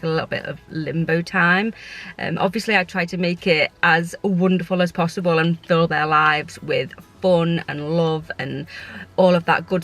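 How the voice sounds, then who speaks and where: In a casual vlog, a woman who does short-term foster care reflects on her emotions, rambling warmly and frequently starting over. She has a voice on the low side with a fairly bright tone.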